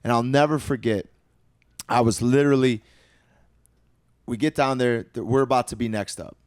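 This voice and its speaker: A man in his thirties telling stories in casual podcast chat, animated and profane, often trailing off into hushed asides. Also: mid-range voice, moderate pace, no room sound, clean studio sound. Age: 30s. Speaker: podcast co-host, retired fighter.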